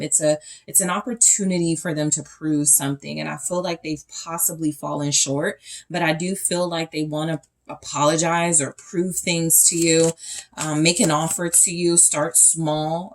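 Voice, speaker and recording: A young woman giving a casual pick-a-card tarot reading straight to her audience, thinking aloud with fillers and restarts as she turns over each card. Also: sits low. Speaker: tarot reader.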